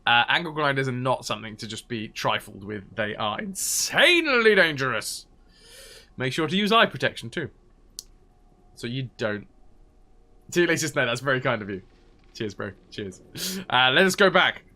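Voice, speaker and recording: A man chatting through a live game stream, his pitch bouncing around animatedly as he talks things through. His tone is bright and forward, and he keeps up a loose, chatty flow, thinking aloud and answering viewers. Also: lively intonation, moderate pace, pauses often. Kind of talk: casual live-stream chat.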